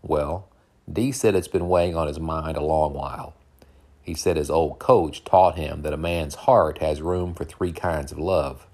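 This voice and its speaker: A man's voice: very deep voice, fairly even intonation, a little slow, a little mellow. Guy reading as a playful young woman, storybook date scene, teasing. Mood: tender.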